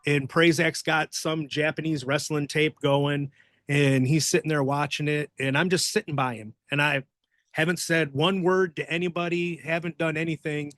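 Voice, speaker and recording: Male podcast guest, ex-wrestler; slightly high-pitched, profane, rambling storyteller, dry close sound. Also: fairly even intonation, moderate pace, fairly bright tone, no room sound. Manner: profane, rambling, acts out quoted voices. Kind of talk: casual storytelling.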